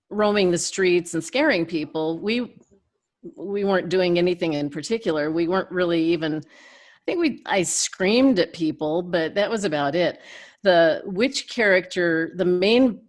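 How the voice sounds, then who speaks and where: An older woman, a guest in an interview, telling chatty stories with frequent laughs. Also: on the low side. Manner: chatty, laughs between anecdotes. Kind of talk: casual interview storytelling.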